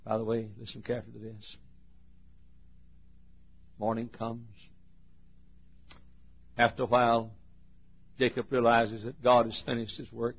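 A male preacher delivering a revival sermon in a husky voice, swinging from booming shouts to hushed asides and sing-song chants. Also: monotone, a little slow, pauses often, lo-fi sound.

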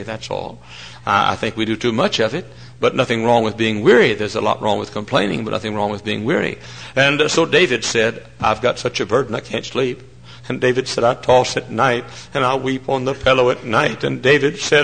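A male preacher with a gravelly edge and a bright, forceful tone, telling homespun stories. His voice climbs sharply when the preaching builds. He is heard before a church congregation. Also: fairly quick, low-quality recording. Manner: folksy storytelling, voice surging high with fervor. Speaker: traveling preacher. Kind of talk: sermon.

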